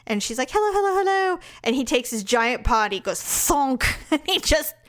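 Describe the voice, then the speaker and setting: A woman co-hosting a podcast, chatting casually and telling animated stories with frequent laughs. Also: a little high, moderate pace. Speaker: podcast co-host. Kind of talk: casual chat.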